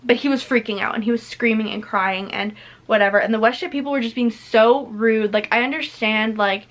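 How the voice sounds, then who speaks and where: A woman's voice: fairly high pitch, fairly even intonation, brisk. A teenage girl telling a storytime vlog into her camera, chatty and full of "like" and "literally.". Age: teens. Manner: chatty, filler-heavy retelling with frequent "like" and "literally". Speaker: vlogger. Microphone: camera mic.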